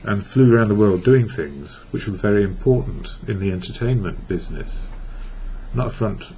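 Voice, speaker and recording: A man's voice: fairly low pitch, expressive, moderate pace, dark tone. A man from England giving a reflective personal monologue about recovery, rambling and correcting himself as he goes. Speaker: recovery blogger. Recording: dull lo-fi with faint hiss.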